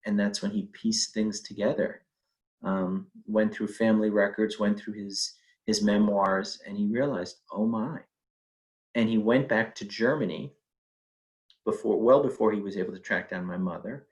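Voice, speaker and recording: Man telling a family story, lowish voice. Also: fairly even intonation, moderate pace, rough recording. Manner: conversational, with fillers and acted quotes. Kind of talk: personal storytelling.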